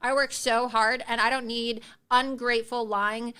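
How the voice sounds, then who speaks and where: A woman hosting political commentary on a livestream, combative and scornful with a sarcastic bite. Her voice sits a little high and sounds bright and forceful. The tone is smooth and crisp. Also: little pitch movement, moderate pace. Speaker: host.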